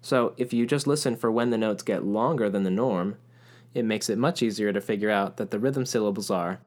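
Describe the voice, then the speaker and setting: A man narrating a music lesson in a clear, explanatory way, now and then chanting rhythm syllables aloud. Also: fairly low pitch, brisk, darkish tone. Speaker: music teacher.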